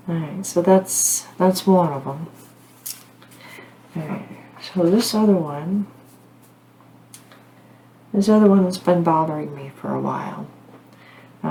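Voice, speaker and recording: A woman's voice: fairly low pitch, mellow, slight background noise. A middle-aged woman talking casually to camera as a psychic host, rambling and earnest with frequent fillers and apologies. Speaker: psychic medium channel host.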